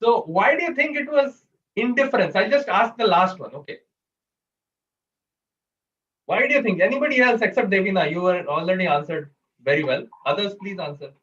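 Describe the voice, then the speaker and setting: A man's voice: high voice, lively intonation, brisk, long pauses, a bit bright. A man leading an online public speaking workshop, coaching and quizzing the audience over a video call. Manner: coaching, asks audience questions. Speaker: workshop presenter. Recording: distant, dull video-call audio.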